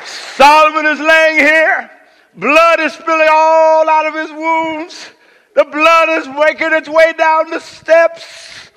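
A man's voice: extremely high pitch, monotone, slow, pushed and bright, some chatter behind. A male pastor preaching a sermon with emphatic call-and-response, often repeating words as he restarts. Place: church sanctuary. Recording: long church hall reverb.

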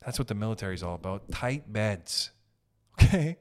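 A man's voice: lowish voice, animated, moderate pace, darkish tone. A young man hosting a podcast, ranting casually with profanity and jokey asides. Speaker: podcast host. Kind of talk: casual comedic podcast rant.

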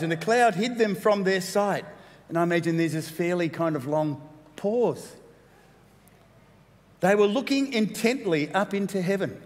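A man preaching a sermon as pastor, animated and playful, with quick asides. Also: high voice. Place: church hall. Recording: long hall reverb.

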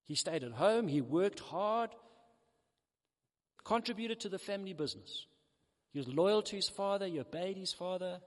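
High-voiced preacher in a reverberant hall. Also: male voice, normal speed, pauses often. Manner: animated storytelling, acts out the characters. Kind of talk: sermon.

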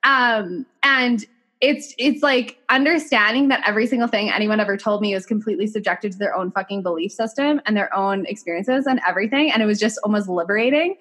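A bubbly young woman chatting casually as a podcast guest, animated and swearing freely. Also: mid-range voice, fairly quick.

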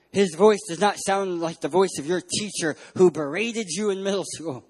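A male pastor preaching a sermon at a church service, emphatic, swinging between loud and hushed delivery. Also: extremely high pitch.

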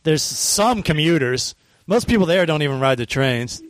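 Guy hosting a podcast, crude and jokey, bit high voice, dry close sound. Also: lively intonation, normal speed, no room sound. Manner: crude, joking, playful. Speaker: podcast host. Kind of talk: casual podcast chat.

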